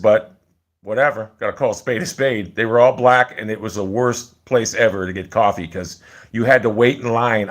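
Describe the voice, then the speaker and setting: A man's voice: lowish voice, a bit bright. A man telling stories in a casual, rambling monologue, blunt and profane, with many restarts. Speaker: storyteller.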